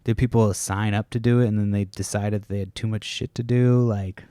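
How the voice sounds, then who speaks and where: A man's voice: lowish voice, fairly even intonation, moderate pace, warm tone, clear, resonant tone, dry recording. A man hosting a casual solo podcast from home, rambling, swearing often and stopping mid-sentence to restart. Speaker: podcast host. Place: home, kids nearby.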